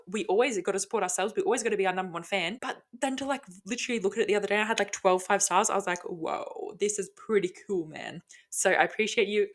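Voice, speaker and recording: A woman's voice: medium pitch, fairly bright tone. A woman hosting a casual solo podcast, rambling bluntly with frequent swearing and lots of enthusiasm. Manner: enthusiastic and self-talking. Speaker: podcast host.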